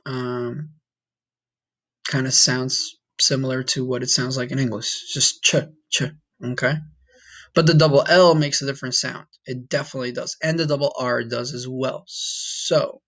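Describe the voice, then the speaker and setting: A man's voice: mid-range voice, a bit bright. A man teaching a recorded Spanish lesson, patiently repeating each sound and encouraging the listener.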